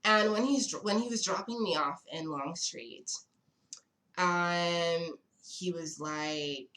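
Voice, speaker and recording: A woman's voice: on the low side, slow, a bit bright. A young woman from South Africa, telling a story to camera in a chatty, sassy, dramatic way. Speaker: vlogger. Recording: echoey room.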